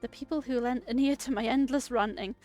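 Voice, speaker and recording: A woman streaming a live game playthrough, chatty and excitable, swearing casually. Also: high voice.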